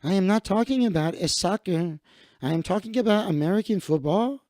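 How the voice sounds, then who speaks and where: Man doing an earnest young Mexican footballer, put-on Mexican Spanish accent, broken English, high and lively. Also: fairly quick, no room sound, clean studio sound.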